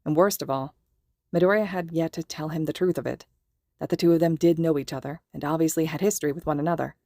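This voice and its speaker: A woman reading a fan fiction story aloud in a steady, measured narration. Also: sits low, dry recording, clean studio sound. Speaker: podfic reader.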